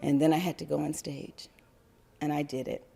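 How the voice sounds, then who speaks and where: An older woman from New York tells a personal story to an audience in an animated way, often breaking into laughter. Her voice sits slightly on the low side. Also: normal speed, gravelly, husky.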